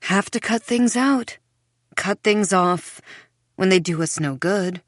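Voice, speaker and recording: A woman narrator voicing her own reflection in the mirror, speaking in a soft, knowing, coaxing way. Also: mid-range voice, takes it slowly, dry recording, clean studio sound.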